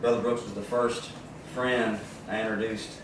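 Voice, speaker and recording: A man's voice: fairly low pitch, little pitch movement, normal speed, noisy background. A man chatting casually between songs at a live music session, telling a rambling story and often restarting his phrases. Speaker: singer-songwriter performing live. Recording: echoey room, far from the mic, loud guitar.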